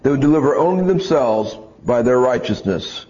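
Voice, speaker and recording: A man's voice: medium pitch, animated, moderate pace, dark tone. A man preaching a sermon and reading scripture aloud, earnest and often restarting his words. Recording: dull lo-fi recording.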